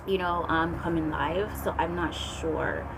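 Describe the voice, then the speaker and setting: A woman from Jamaica hosting a live tarot reading, chatting and thinking aloud with drawn-out fillers. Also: low voice, fairly even intonation, very noisy. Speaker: tarot reader. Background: loud background music.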